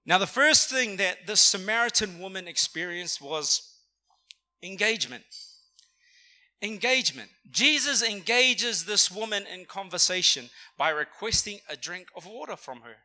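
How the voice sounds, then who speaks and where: A man's voice: high-pitched, a little slow. A young man preaching a sermon in a church, talking conversationally and calling on the congregation to respond. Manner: energetic, conversational, calls for audience response. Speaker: pastor. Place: church auditorium.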